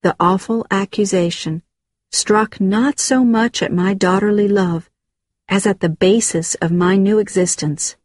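A woman giving a measured, scripted narration of a first-person memoir. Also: on the low side, darkish tone, dry recording, studio quality.

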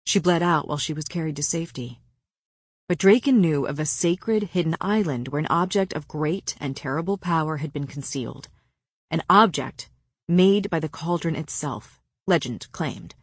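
A woman reads as a grim male fae lord, low and measured in his speech. The voice sits deep and is delivered with steady gravity. The recording is dry and close. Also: husky, no echo. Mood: grave. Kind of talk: audiobook character voice.

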